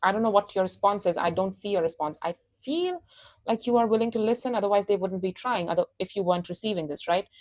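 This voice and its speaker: A woman's voice: medium pitch, animated, fast talker, a little mellow. A woman giving a casual tarot reading, intense and emphatic, repeating her phrases and calling the listener honey. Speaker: tarot reader.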